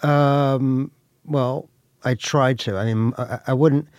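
A man's voice: mid-range voice, fairly even intonation, slow, no room sound, studio quality. A man talking as a podcast guest, telling wry, profane stories. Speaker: guest, author. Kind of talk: casual interview chat.

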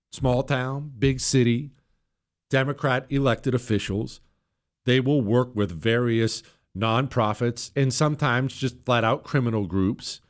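A hoarse male talk radio host in mid-rant. His voice sounds worn and close to giving out, but he keeps pushing, punching some words up high and loud, then dropping into sarcastic asides. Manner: emphatic, sarcastic, swings between loud jabs and low mutters. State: hoarse, voice nearly gone. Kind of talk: opinionated political talk radio monologue.

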